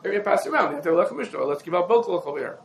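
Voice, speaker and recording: A man giving a halachic lecture, running through rabbinic sources in quick succession and posing questions to his listeners. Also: sits high, expressive, gravelly, a little hiss or hum, low-quality recording. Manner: explains rapidly, listing rabbinic sources and quizzing listeners. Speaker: Torah teacher.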